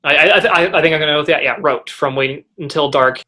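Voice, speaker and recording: A teenage boy and young actor in a casual interview, rambling and halting, with frequent restarts. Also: fairly high pitch, pushed and bright.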